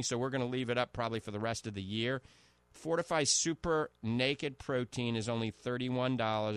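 A man's voice: medium pitch, fairly bright tone, smooth, dry recording. Salesy male radio host. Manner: salesy, repeats prices and product names. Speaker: radio health show host. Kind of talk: radio show promoting products.

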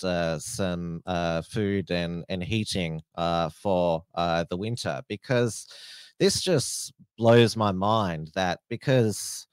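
Slow, deep-voiced host. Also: male voice, clear, resonant tone, no room sound. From Australia. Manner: slow and halting, many "uh" fillers. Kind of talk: interview questions.

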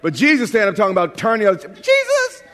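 A man from New York preaching with a high, bright-pitched voice and a lively, joking delivery that stumbles over repeated words. His sermon rings out through a large church sanctuary with a long, lingering reverb. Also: racing, crowd noise, background noise. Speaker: pastor.

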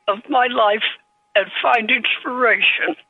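A woman in her nineties, an author guest, telling anecdotes in a gentle, halting way with husky tone, heard over a phone line. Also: fairly high pitch, steady tone, dry recording. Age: 90s. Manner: slow, gentle storytelling with halting restarts.

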